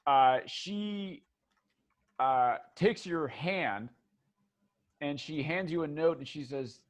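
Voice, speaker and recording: A man narrating as game master of a tabletop game, animated and often laughing, with many restarts. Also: a little high, takes it slowly.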